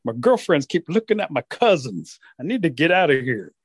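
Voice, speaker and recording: A man putting on the voice of a cocky, lazy male coyote trickster, bragging about himself and whining when the work gets hard. The voice sits a little high and is told in a dry, close sound. It is told in a live storytelling setting. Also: very animated, normal speed, breathy edge, dry recording. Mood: weary. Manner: cocky, easily tired, whiny.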